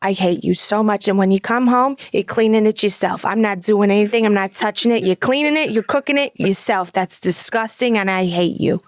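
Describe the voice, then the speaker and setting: A woman's voice: fairly quick, few pauses, dry recording, close to an everyday voice. A woman imitating her mother, an exasperated, scolding middle-aged woman from Brooklyn with a nasal Brooklyn accent. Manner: shrill, scolding, melodramatic.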